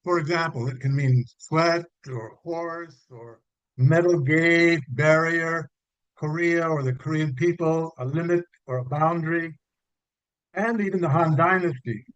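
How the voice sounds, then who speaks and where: A man presenting slides in an online church meeting, talking in a halting way with fillers and restarts. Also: on the high side, dry recording, lo-fi sound.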